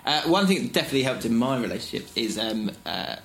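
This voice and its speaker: A man's voice: medium pitch, big pitch swings, fast talker, fairly bright tone. A man co-hosting a casual advice podcast, chatty and laughing often, acting out little quotes. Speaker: podcast co-host.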